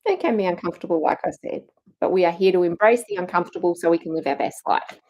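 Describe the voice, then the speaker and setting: A woman's voice: on the low side, quick pace, dark tone, dull audio. A middle-aged woman coaching a challenge group on mindset, earnest and encouraging, acting out inner self-talk.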